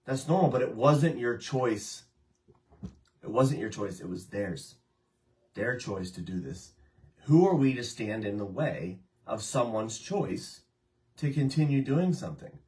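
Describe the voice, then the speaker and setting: A man's voice: medium pitch, lively intonation, measured pace, mellow, distant mic. A man cohosting a recovery talk in a casual, earnest way, repeating points to stress them. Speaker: co-host, person in recovery. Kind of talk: casual chat.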